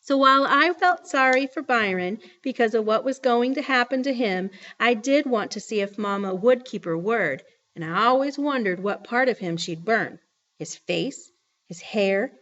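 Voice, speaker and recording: A woman's voice: a little high, animated, normal speed, a bit bright. Woman reading a novel aloud. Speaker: reader. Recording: slightly dull lo-fi recording.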